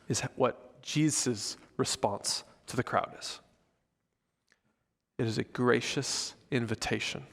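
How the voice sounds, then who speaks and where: Animated preacher in a reverberant hall. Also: male voice, mid-range voice, gravelly. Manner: animated, acts out voices of the crowd. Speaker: pastor. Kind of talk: sermon. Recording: church hall with long reverb.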